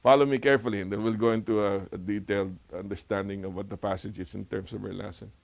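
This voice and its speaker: A man's voice: on the low side, steady tone, fast talker, vocal fry. A man teaching a Bible lesson in a conversational way, asking rhetorical questions and laughing often. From Philippines. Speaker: Sabbath school teacher.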